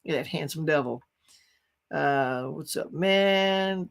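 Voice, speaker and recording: A man's voice: fairly high pitch, normal speed, vocal fry, faint music behind. A man hosting a casual pop culture live stream, rambling enthusiastically about movies and greeting viewers in the chat.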